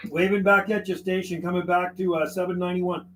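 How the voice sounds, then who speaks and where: A man live-streaming from his home radio desk, chatting casually with viewers and calling out to other radio stations in a relaxed, friendly way. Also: high-pitched, a little fast, over music, low-quality recording. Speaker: CB radio livestreamer. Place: warm house indoors.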